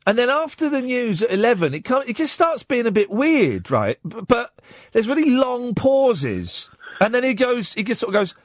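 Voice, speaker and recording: Lively high-voiced English radio host. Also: male voice, normal speed, no echo, clean studio sound. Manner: animated storytelling, mocking asides. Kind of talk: casual phone-in chat. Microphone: studio microphone.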